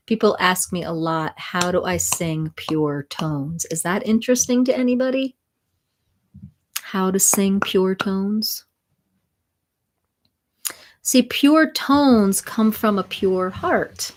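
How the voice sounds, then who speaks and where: Slow, soothing woman spiritual mentor. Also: mid-range voice, lively intonation. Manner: gentle, soothing, unhurried. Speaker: spiritual mentor and sound healer. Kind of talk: live-streamed spiritual mentoring.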